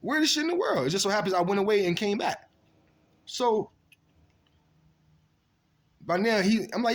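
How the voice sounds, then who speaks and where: A man casually telling stories from his past, animated and profane, acting out what people said. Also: high voice, normal speed, pauses often. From Virginia. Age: adult. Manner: animated, profane street storytelling with acted-out quotes. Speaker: storyteller recounting his past. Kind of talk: casual storytelling monologue.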